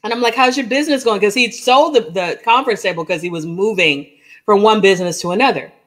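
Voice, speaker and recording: A woman co-hosting a podcast, chatting casually as she tells a story. She is animated and acts out the back-and-forth of a conversation, peppering it with "like" and "oh my gosh". Her voice sits at a medium pitch. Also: quick pace. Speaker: podcast co-host.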